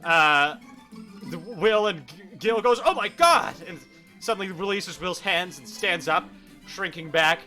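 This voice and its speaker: A man's voice: sits high, unhurried, soft background music. A man narrating an improvised tabletop game as game master, laughing often as he tells the scene. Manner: lively, laughing storyteller.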